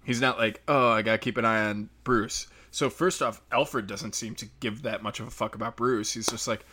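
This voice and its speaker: A young man giving a casual, profane movie review rant, mocking characters in quick quoted voices. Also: on the low side, fairly even intonation, pushed and bright, husky.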